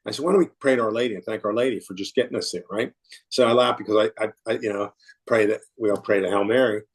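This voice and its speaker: A man's voice: fairly low pitch, fast, husky. A middle-aged American man telling a story in a casual interview, chuckling often and restarting his sentences. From United States. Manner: warm anecdotal, laughs often, many restarts. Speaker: podcast guest.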